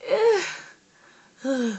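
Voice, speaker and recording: A teenage girl, telling a story in a casual vlog in an animated, rambling way full of fillers. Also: extremely high pitch, extremely slow, vocal fry. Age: teens. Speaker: vlogger.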